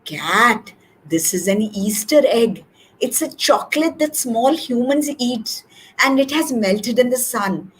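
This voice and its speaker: A woman voicing a gentle, earnest dog. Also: a little high, expressive, takes it slowly, slight background noise, voice pushed up. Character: kind, anxious male dog.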